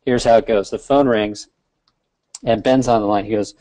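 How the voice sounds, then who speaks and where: A man who is a guest on a webinar, chatting casually as a relaxed, friendly storyteller who jokes along. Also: on the low side, normal speed, dry recording. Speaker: software founder guest.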